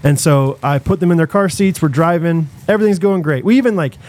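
A man's voice: fairly high pitch, a little fast. Rambling young man telling a story. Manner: rambling, animated, lots of fillers and restarts. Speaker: podcast co-host. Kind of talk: casual storytelling chat.

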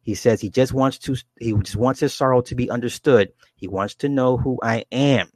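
A man reading the lines of a woman clairvoyant in a trance, in slow, measured pronouncements. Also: mid-range voice, a little mellow, no echo, lightly acted. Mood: solemn.

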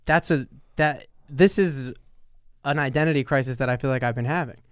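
A man from New Jersey with a New York accent, talking in a rambling, animated casual chat. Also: mid-range voice, moderate pace, clean tone, dry recording, studio quality.

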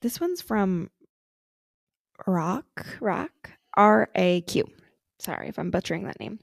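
Young woman co-host, low and gravelly, dry close sound, laid-back chatty reads. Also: very animated, normal speed, dry recording. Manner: laid-back, swears casually. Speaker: podcast co-host. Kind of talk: casual chat, reading listener stories.

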